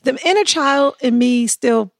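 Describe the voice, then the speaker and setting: American lady podcast host, kinda gravelly, bit high, super animated, dry close sound. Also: measured pace, no echo. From United States. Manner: animated, laughs often, acts out voices in quotes. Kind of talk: casual chat.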